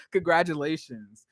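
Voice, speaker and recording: Male recap host, lightly raised pitch, dry close sound, slangy and chatty. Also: dry recording. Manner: chatty, animated, drifts into asides to viewers; sassy, slangy, addresses viewers as y'all. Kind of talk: casual recap and commentary.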